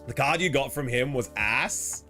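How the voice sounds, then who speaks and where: A man's voice: medium pitch, measured pace, sharp tone, soft background music. A man with an Australian accent chatting casually to his live chat as a streamer, slangy and laughing often.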